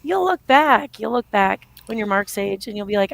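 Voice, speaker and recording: A woman's voice: medium pitch, lively intonation, normal speed, vocal fry, no echo. A woman co-hosting a casual chat, a teacher who sounds tired and keeps yawning. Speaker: co-host, teacher.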